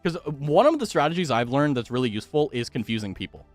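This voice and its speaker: A man's voice: mid-range voice, big pitch swings, quick pace, no echo, faint music behind. A male streamer chatting casually with viewers, swearing freely and laughing often.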